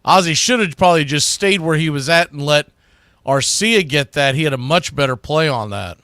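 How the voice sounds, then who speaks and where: A man's voice: on the high side, lively intonation, moderate pace, a bit bright, dry recording, clean studio sound. A man calling live baseball play-by-play who often corrects himself mid-sentence.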